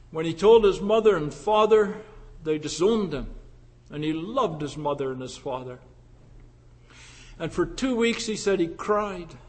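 A male pastor preaching a sermon with passion, swinging from loud declarations to hushed, intimate lines. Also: high voice.

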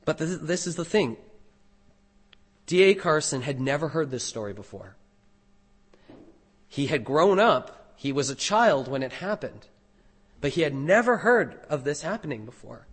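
A man, a pastor, preaching a sermon in an earnest, deliberate way, stressing key phrases. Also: a little high, very animated, husky.

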